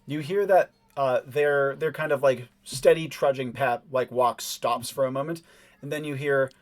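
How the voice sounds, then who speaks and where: A man serving as game master, narrating a tabletop game with a steady, descriptive delivery. He fills his lines with frequent fillers as he builds each scene. His voice sits at a middle pitch. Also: moderate pace.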